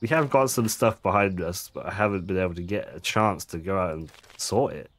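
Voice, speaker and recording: A man's voice: low voice, brisk, a bit bright. A man casually commenting on his gameplay, chatty and jokey, swearing now and then and making asides to his viewers. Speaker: gaming streamer.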